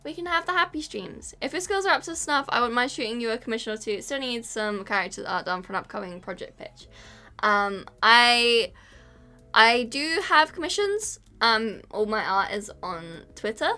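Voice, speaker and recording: A woman's voice: fairly high pitch, animated, normal speed, pushed and bright, soft background music. A woman streaming as a VTuber, chatting casually, giggling often and getting emotional while she thanks viewers. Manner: giggly and emotional, reading chat and thanking donors. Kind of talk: casual live-stream chat.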